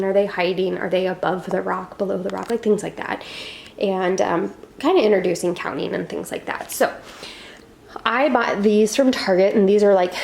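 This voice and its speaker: A woman's voice: medium pitch, creaky, darkish tone, slight background noise. A young woman chatting casually through a home tour, rambling with fillers and asides, a little out of breath. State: slightly out of breath. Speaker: homeschooling mom vlogger. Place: home living room.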